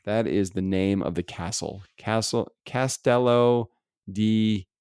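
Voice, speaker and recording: A man's voice: lowish voice, slow pace, darkish tone, smooth, dry recording, studio quality. An American man co-hosting a podcast in casual chat, rambling, laughing often and swearing freely. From United States. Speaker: podcast co-host. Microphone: remote podcast recording setup.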